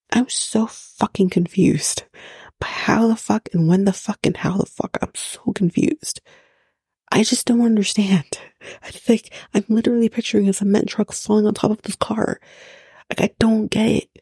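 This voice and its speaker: A woman's voice: mid-range voice, gravelly, a little mellow, slightly rough, no room sound, studio quality. A woman hosting a podcast, recapping a reality show in casual, profane, incredulous rants that drop into whispers for emphasis. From Canada.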